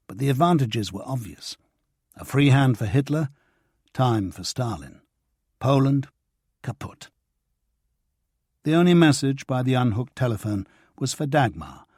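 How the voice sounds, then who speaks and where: Husky male audiobook narrator. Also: medium pitch, lively intonation, unhurried, pauses often, darkish tone, no echo, clean studio sound.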